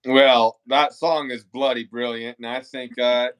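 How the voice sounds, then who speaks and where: A man's voice: mid-range voice, fairly even intonation, unhurried, clean tone. A man hosting a live talk show over a video call, enthusiastic and playful with his guest. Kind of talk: casual live interview chat.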